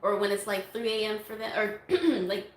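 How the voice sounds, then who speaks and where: A woman vlogger with a medium-pitched, level voice answers viewer questions at a moderate pace in a casual Q&A chat. She's chatty, laughs often and slips into bits of song. The recording is rough, with an echoey room.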